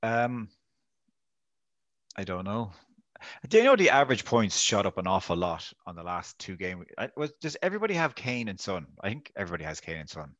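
A man's voice: lowish voice, sing-song, a little fast, fairly bright tone, no echo, dull audio. A man co-hosting a casual podcast, wry and self-mocking as he talks through his week. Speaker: podcast co-host.

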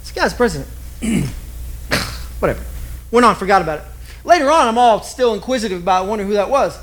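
A man preaching a sermon with lively storytelling, acting out the people he quotes. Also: high-pitched, fast. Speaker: pastor.

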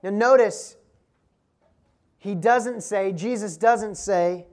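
Woman preaching with lively emphasis. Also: medium pitch, slow pace, pauses often. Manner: dynamic preaching with rhetorical questions and strong emphasis; laughs and asides to the congregation. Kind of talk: sermon.

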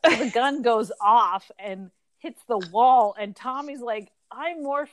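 A young adult woman co-hosting a casual book chat, animated and full of fillers. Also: a little high, takes it slowly. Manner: chatty, animated, lots of fillers. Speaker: podcast co-host.

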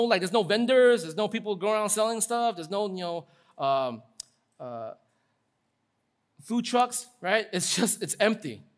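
A man pastor delivering a sermon in a lively, conversational way, acting out quotes with casual asides. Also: high-pitched.

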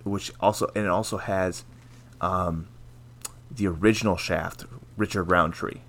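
A man hosting a casual podcast, talking in a steady, rambling way with lots of fillers. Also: low-pitched, a little slow. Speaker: podcast host.

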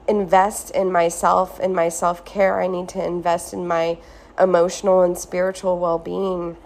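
A woman hosting a solo podcast, talking earnestly and casually with lots of "like", recorded on a phone in a hotel room. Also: on the low side. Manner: casual, earnest, heavy use of "like". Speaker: podcast host. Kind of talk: reflective solo podcast monologue. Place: hotel room at a beach resort.

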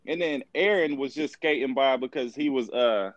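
Young guy, middle-pitched, casual slangy group banter. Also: moderate pace, no echo, lo-fi sound. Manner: slangy, rambling, says bro often. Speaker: friend in group chat. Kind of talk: casual chat.

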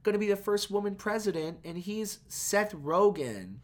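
A man's voice: sits high, lively intonation, moderate pace. Brief: young male co-host, casual and playful, swears freely, loops on words. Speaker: podcast co-host. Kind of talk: casual film chat.

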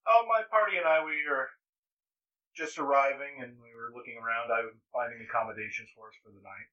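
A man with a very bright, mid-pitched voice chats as a player at a tabletop game, relaxed and joking. He is set back from a slightly muffled mic. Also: a little fast, distant mic.

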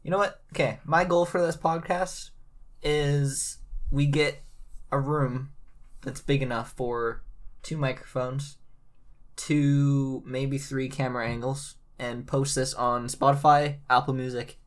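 A teenage man from Alberta, co-hosting a casual podcast, animated, swearing and laughing often. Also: medium pitch, slow. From Alberta, Canada. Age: teens. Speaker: podcast co-host. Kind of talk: casual chat. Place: bedroom.

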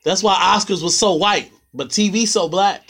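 A man hosting a podcast in a loose, joking way, full of easy slang. His voice sits a bit high for a man. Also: normal speed, creaky, fairly bright tone, slightly rough. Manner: joking, laid-back slang. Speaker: podcast host. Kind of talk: casual chat.

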